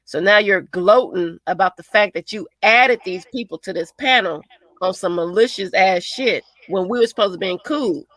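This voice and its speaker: Bright-voiced woman venting in heated chat. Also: medium pitch, normal speed, dry recording. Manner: animated, swearing, quotes others in put-on voices. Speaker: co-host. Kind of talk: heated casual commentary.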